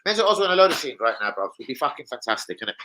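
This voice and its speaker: A man's voice: mid-range voice, racing, very noisy. A young man ranting casually about football as a fan channel host, swearing a lot and slipping into impressions of people. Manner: animated, sweary, slangy, mimics people.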